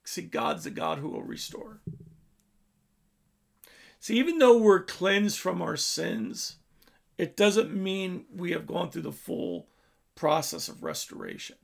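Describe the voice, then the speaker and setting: Gravelly high-voiced male preacher. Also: big pitch swings, takes it slowly, pauses often. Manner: storytelling preaching, swells and drops in volume. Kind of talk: sermon.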